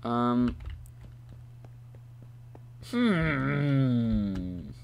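A gamer plays an adventure map and casually commentates into a headset mic, rambling, talking to himself, and making silly noises. His medium-pitched voice is very animated but extremely slow, with vocal fry. The recording has a little hiss or hum.

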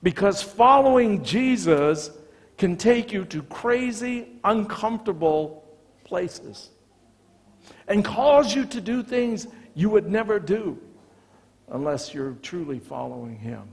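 An American man, a visiting pastor, preaching a sermon with animated storytelling, acting out the dialogue of the people in his stories. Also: high-pitched, slow pace, vocal fry. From United States. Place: church sanctuary. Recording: long church reverb.

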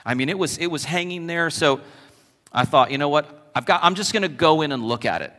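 A man's voice: fairly high pitch, lively intonation, sharp tone, voice pushed up. A man voicing a sheepish wife who halts and stammers through her excuses, in a reverberant church. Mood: flustered. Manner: flustered, halting excuses. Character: sheepish wife explaining a purchase, adult woman.

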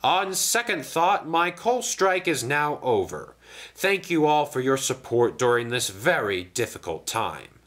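A grand, indignant express engine, voiced by a man who splutters and complains. The voice is pushed up high and loud with a bright ring. Pompous at every turn. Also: sing-song, a little slow. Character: pompous grumpy big male express engine.

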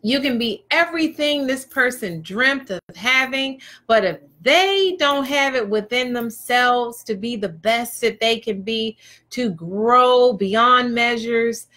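A woman's voice: fairly high pitch, lively intonation, slow pace, pushed and bright. A woman giving a motivational talk, emphatic and preachy, pressing her points with rhetorical questions. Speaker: motivational speaker.

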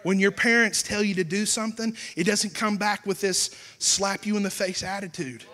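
A young man with a Southern American accent preaching a sermon with passion, going from shouts down to a hushed near-whisper. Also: high-pitched, fairly even intonation, moderate pace. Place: church. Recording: long church hall reverb.

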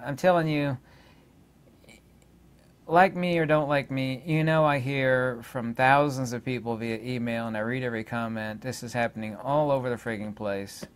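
An indignant man talks straight to his viewers in a loose, rambling monologue. His voice sits at an ordinary middle pitch, and he keeps stalling on fillers before pressing on with his complaint. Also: steady tone, normal speed, clean tone. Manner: indignant, hesitant, many filler words. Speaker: channel host.

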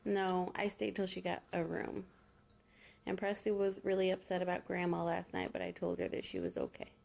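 A young woman talking casually to the camera in a home vlog, soft-spoken and chatty. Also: lowish voice, little pitch movement, normal speed, creaky. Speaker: vlogger and mother.

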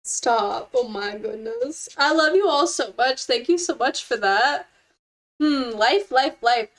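A young woman with a bright, high voice gushes and giggles as she chats casually with her stream viewers. Her talk is effusive and warm toward the chat, all excitement and affection. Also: slow.

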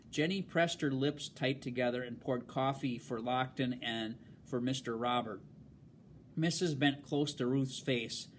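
A man reading a novel aloud in a halting way, stumbling over words and filling pauses with um and uh. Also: medium pitch, slight background noise. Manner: halting, with fillers and restarts. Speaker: reader.

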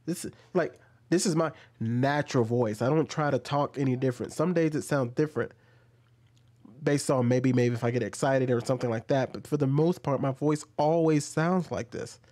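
Male reaction-video commentator, mid-pitched, combative, ranty. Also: moderate pace, a little mellow. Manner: argumentative, rising into heated ranting.

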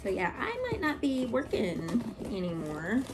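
A woman unboxing on camera at home, her voice swinging widely in pitch while she speaks at an unhurried pace. She gushes with repeated exclamations, addressing her viewers as "guys". The recording carries noticeable background noise and the crinkle of packaging. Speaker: plant vlogger. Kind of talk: casual unboxing vlog. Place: living room at home. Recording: noisy, crinkling packaging behind.

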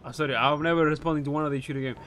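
Fast-talking brash man in character. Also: a little high, fairly even intonation. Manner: brash banter mixing in Spanish exclamations. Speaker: police officer in a role-play server. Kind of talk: in-character game role-play.

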